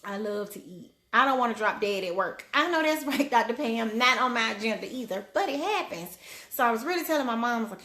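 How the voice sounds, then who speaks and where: A woman's voice: fairly high pitch, animated, a little fast, sharp tone. A woman, a family doctor, chatting casually on a live stream and greeting viewers by name in a lifted voice. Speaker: family medicine physician hosting a live stream. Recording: roomy echo.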